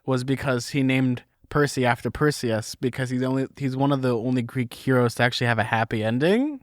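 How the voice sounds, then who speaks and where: A young podcast co-host chats casually and playfully about a book, tossing in jokey asides. His mid-range voice is brisk, and the clean studio recording has no room sound.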